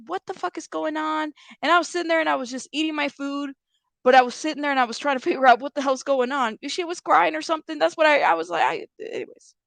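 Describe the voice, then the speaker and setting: A woman's voice: on the high side, a bit bright, no room sound. A woman hosting a casual commentary channel, talking bluntly and rambling with frequent restarts and swearing. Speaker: YouTube commentary host.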